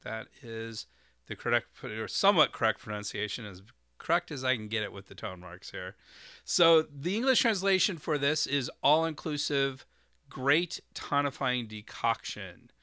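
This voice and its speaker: A man hosting an educational podcast, explaining terms in a relaxed, meandering way with frequent fillers. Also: mid-range voice, normal speed, smooth, dry recording, studio quality. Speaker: podcast host.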